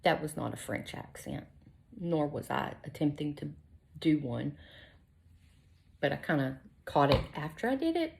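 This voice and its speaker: A woman's voice: low-pitched, very animated, a little slow, vocal fry, long pauses, slight background noise. A middle-aged woman, chatting casually and self-deprecatingly through her makeup routine, sometimes dropping to a whisper. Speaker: beauty vlogger. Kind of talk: casual makeup tutorial chat.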